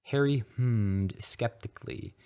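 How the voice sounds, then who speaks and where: A man hosting a podcast, reading fanfiction aloud with deadpan narration. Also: mid-range voice, slow pace, smooth. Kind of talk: comedic story reading.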